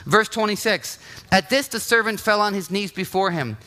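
A male pastor delivering a sermon, telling the story in an animated way, acting out quotes and often checking in with "right?". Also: sits high, normal speed.

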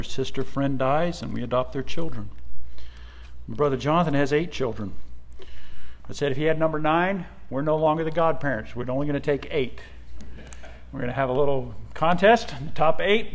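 A middle-aged man preaching a sermon as pastor. He swings from hushed, drawn-out asides to loud, emphatic declarations. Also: medium pitch.

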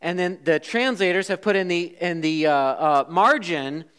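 Male pastor, fairly high voice, sermon delivery with big shifts between loud emphasis and quiet asides. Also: moderate pace, clear, resonant tone. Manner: dynamic preaching, swinging between loud emphasis and hushed asides.

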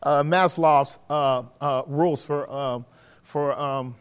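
A man preaching a sermon, asking the congregation questions and swinging between quiet, low stretches and emphatic rises. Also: steady tone, slow, smooth. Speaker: pastor. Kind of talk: sermon teaching. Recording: hall with long reverb.

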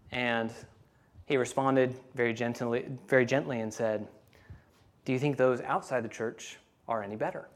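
A man preaching a sermon earnestly, often pausing with "uh" between points. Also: mid-range voice. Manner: earnest preaching with many uh fillers. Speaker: pastor.

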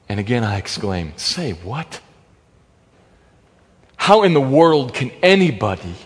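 A man preaching a sermon, emphatic, swinging between loud stressed phrases and hushed drops. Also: on the high side, slightly rough. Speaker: pastor. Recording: long hall reverb.

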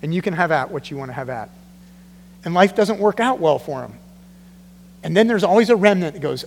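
A man preaches a sermon to his congregation in a high, bright voice. He keeps it animated, slipping into the voices of the people he quotes. The sound rings with the long reverb of a big church hall. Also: brisk, gravelly, pauses often, a little hiss or hum. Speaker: pastor.

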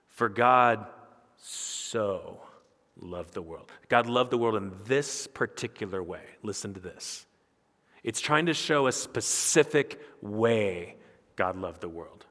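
A pastor preaching a sermon with earnest, emphatic delivery that rises and falls. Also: male voice, on the low side, a bit bright, long reverb tail.

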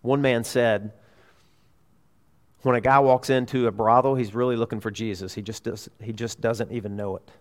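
A mid-pitched man delivers a sermon from a pulpit, earnest and emphatic. His voice swells on key pleas and drops to near-quiet asides. The sound carries the long reverb of a church sanctuary. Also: fairly even intonation, normal speed. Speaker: pastor.

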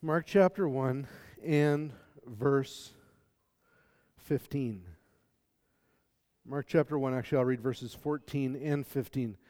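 A man's voice: slow, pauses often. Guy preaching casually, lots of uhs and restarts, mid voice, big echoey hall. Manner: conversational, with fillers and self-corrections, turning soft and low in prayer. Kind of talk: sermon with Scripture reading and prayer. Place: church or large hall. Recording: long hall reverb.

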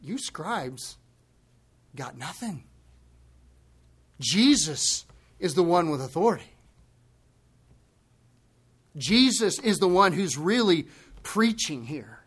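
Impassioned high-voiced male preacher. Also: big pitch swings, slow pace, long pauses, slightly rough. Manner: impassioned preaching, swinging from loud emphasis to hushed, grave asides. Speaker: pastor. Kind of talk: sermon.

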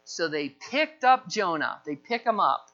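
A pastor preaching with an animated delivery, slipping into the voices of the people in his story. His voice sits high and bright. The recording sounds a little dull and lo-fi. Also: measured pace. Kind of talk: sermon.

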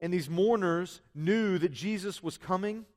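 A man's voice: high voice, measured pace. A male pastor preaching a sermon in a conversational way, full of asides and restarts. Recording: long hall reverb.

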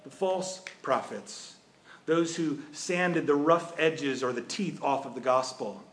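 A man preaching a sermon in a conversational way, often asking his listeners rhetorical questions. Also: on the high side.

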